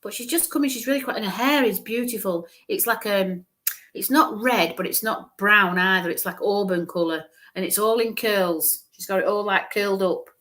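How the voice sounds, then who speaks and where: A chatty woman gives a live-streamed psychic reading in a mid-pitched voice. She describes things in detail and keeps checking in with her listeners. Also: moderate pace, a bit bright. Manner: chatty, describes what she sees, often checks in with "okay?". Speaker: medium giving live readings.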